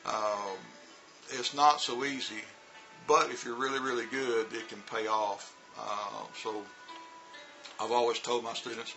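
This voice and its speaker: A man's voice: mid-range voice, steady tone, a little slow, over music, poor audio. A middle-aged man vlogging in a casual monologue about teaching, rambling, repeating words and using lots of fillers. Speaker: vlogger and former teacher in China.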